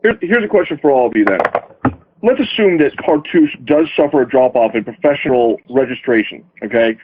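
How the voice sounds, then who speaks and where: A man's voice: medium pitch, lively intonation, a little fast, background noise. Male talk-show host on a tinny line. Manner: quizzes guests with pointed questions. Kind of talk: poker radio talk show.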